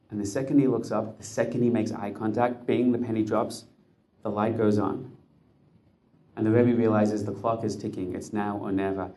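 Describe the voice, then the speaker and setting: A man's voice: fairly low pitch, little pitch movement, normal speed, dark tone. Man telling a story with intense suspense. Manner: intense, building suspense in short punchy phrases. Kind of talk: dramatic storytelling.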